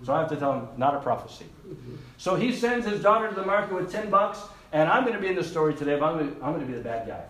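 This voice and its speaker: Male missionary preacher, animated storyteller, echoey hall, distant mic. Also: fairly high pitch, racing. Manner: animated storyteller, acts out voices and laughs. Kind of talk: sermon illustration with audience participation. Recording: echoey room, speaker away from mic.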